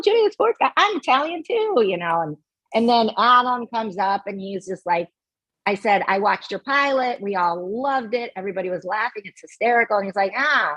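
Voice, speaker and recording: A middle-aged woman, a podcast guest, telling an animated story in casual chat and acting out what people said. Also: mid-range voice, no echo, muffled recording. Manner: animated, acts out quoted dialogue.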